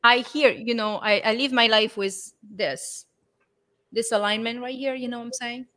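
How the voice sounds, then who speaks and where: A woman, a guest telling her spiritual story in an expressive way and acting out the voices she quotes. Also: fairly high pitch, normal speed. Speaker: interview guest. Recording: long hall reverb.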